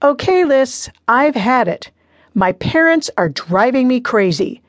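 A woman's voice: high-pitched, very animated, a little slow, no echo, voice pushed up. A woman narrator voicing a defensive, upset teenage daughter in an audiobook, pleading her case. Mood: ranting. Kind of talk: audiobook character reading.

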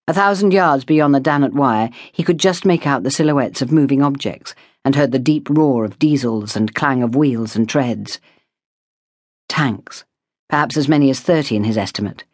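A woman narrating an audiobook in a measured, dramatic reading voice. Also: rumbling low, a little mellow, no room sound, studio quality. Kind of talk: scripted narration.

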